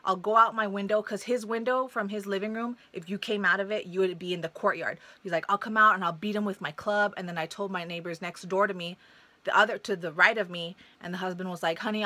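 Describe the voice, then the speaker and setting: A woman's voice: mid-range voice, dry recording. A young woman casually telling a personal story to camera, blunt and profane, acting out the voices of people in it. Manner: blunt and profane, animated retelling. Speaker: vlogger.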